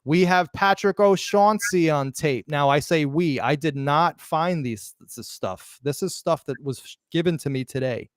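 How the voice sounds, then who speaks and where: A man hosts a live podcast in an excited, emphatic rush, tripping over words and starting them again as he goes. His voice is smooth and resonant, and the sound is dry and close, with no room around it. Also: fairly high pitch, moderate pace, few pauses, no echo. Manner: excited, emphatic, with restarts and stumbles. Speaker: podcast host.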